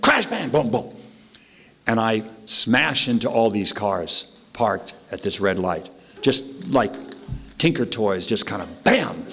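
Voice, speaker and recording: A man speaking at an AA meeting, telling a loose, animated personal story with sound effects. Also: lowish voice. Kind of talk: recovery story told to a meeting.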